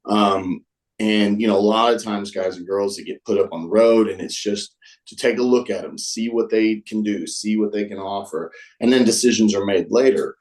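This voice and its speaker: A man's voice: fairly low pitch, steady tone, brisk, a little mellow, rough recording. A man talking as a guest on a show, telling a story in a rambling, casual way. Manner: rambling, with many fillers and restarts.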